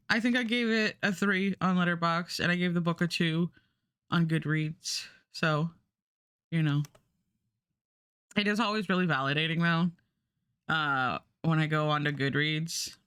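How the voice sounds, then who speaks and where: A woman's voice: low-pitched, fairly bright tone, smooth, dry recording, studio quality. A woman streamer chatting casually and rambling, with many fillers and restarts. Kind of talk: casual livestream chat.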